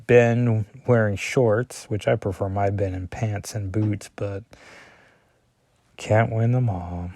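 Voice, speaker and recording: A man's voice: on the low side, steady tone, takes it slowly, a little mellow, dry recording. Guy rambling thru a comic book, chatty asides, pokes fun at himself, dry close mic. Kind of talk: casual comic read-through.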